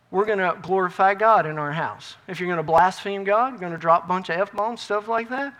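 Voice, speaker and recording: Man, middle-aged, preacher, sermon, high voice, bright tone, emphatic, folksy. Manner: emphatic, folksy preaching that swings between loud and quiet.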